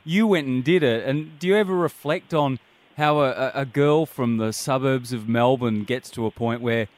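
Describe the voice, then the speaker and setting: A man's voice: mid-range voice, normal speed. A man hosting a breakfast radio show, asking playful questions of a guest. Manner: jokey, upbeat interviewer. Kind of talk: casual radio interview.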